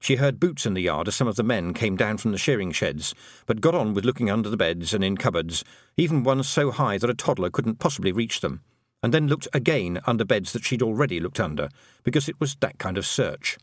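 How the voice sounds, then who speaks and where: A man narrating a children's fantasy audiobook, expressive and playful. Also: on the low side, brisk, no room sound, clean studio sound. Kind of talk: scripted narration.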